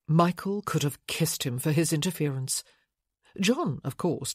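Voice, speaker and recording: A woman narrating an audiobook with expressive, scripted delivery. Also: breathy edge, no echo, clean studio sound. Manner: expressive, varies pitch for characters.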